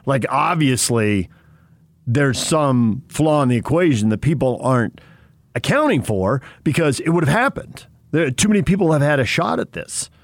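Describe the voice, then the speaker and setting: A man's voice: mid-range voice, sing-song, moderate pace, no echo. A man co-hosting a sports radio show, chatting casually and laughing often with jokey asides.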